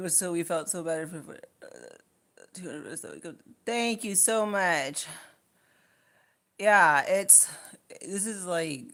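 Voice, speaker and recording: A woman's voice: fairly low pitch, a bit bright. Breathless woman chatting on a livestream. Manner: rambling, chatty, reads out viewer comments. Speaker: livestream host. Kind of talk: casual livestream chat.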